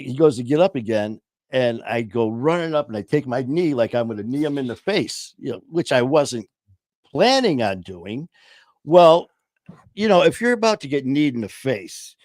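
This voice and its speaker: A podcast host with a medium-pitched voice tells meandering, casual stories on a streamed talk show, packing in fillers, occasional swearing, and laughter at his own anecdotes. He uses a home streaming setup, yet the sound is clean and studio-like with no echo.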